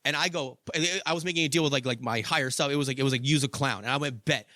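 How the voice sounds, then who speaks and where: A young man telling a personal story in casual, profane monologue, swinging from loud excitement to low, quiet asides. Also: fast, no echo. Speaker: podcast host.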